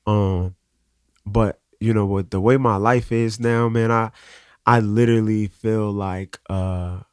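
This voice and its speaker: Earnest man with a smooth voice. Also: fairly low pitch, steady tone, darkish tone, no room sound, clean studio sound. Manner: earnest, open, halting restarts. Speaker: guest artist. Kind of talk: candid conversational interview.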